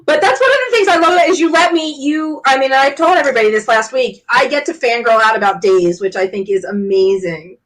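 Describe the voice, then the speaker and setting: A woman hosting a casual interview chat, eager and fannish, quick to laugh along. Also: fairly high pitch, fairly bright tone, rough recording. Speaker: host.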